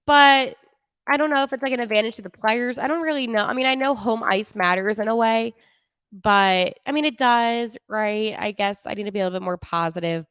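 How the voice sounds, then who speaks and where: On her casual hockey podcast, a young woman with a New Jersey accent recaps games on a livestream, chatting and self-deprecating. Her voice is mid-range, fairly bright, clear and resonant. The studio sound is clean and echo-free.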